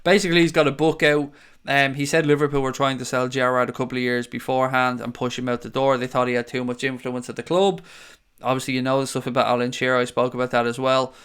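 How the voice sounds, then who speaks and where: A man's voice: mid-range voice, flat delivery, quick pace, fairly bright tone, clear, resonant tone. A young man hosting a fan stream, reading the live chat aloud and answering viewers in a chatty, sweary way. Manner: chatty, swears freely, calls viewers mate.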